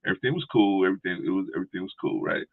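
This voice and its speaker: A man co-hosting a casual chat, telling a story animatedly and mimicking other people in a high voice. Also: racing. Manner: animated, acts out quotes in a high voice. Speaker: co-host. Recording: tinny phone-line sound.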